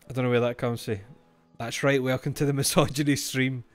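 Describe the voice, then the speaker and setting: A man's voice: mid-range voice, little pitch movement, brisk, soft background music. A young Scottish man streaming a mystery game, reading its notes aloud and cracking jokes, swearing freely. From Scotland. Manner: swears freely, reads game text aloud, joking asides. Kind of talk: livestream gameplay commentary.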